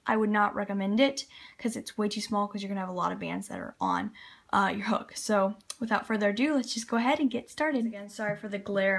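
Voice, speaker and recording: A woman hosting a craft tutorial from a table by a window at home, chatty and upbeat, with many fillers. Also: on the high side. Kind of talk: casual how-to narration.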